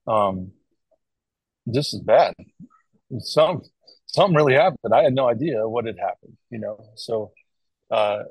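A man's voice: fairly low pitch, breathy edge, no room sound, poor audio. A middle-aged American man speaking as an interview guest, talking casually and rambling, with frequent restarts and tag questions. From United States. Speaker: guest, cardiac arrest survivor.

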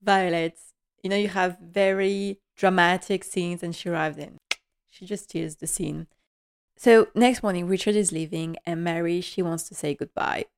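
A woman's voice: on the low side, steady tone, moderate pace, clear, resonant tone. A woman giving a casual, chatty, gushing recap of a television episode, often laughing as she talks. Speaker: TV recap vlogger.

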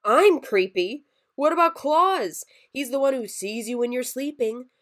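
A woman's voice: mid-range voice, expressive, moderate pace, natural voice. A woman voicing a scheming reptilian male Santa creature in a story reading, eager and wheedling. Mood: pleading.

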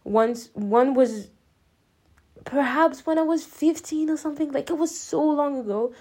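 A woman's voice: high voice, dark tone. A young woman vlogger telling a personal story in a chatty, rambling way. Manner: chatty and rambling, full of "like" and quick laughs.

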